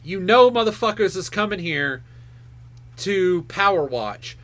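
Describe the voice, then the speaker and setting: A man co-hosting a podcast in casual chat, excitable and profane, acting out quotes as he talks. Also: sits high, a little slow. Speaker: podcast co-host.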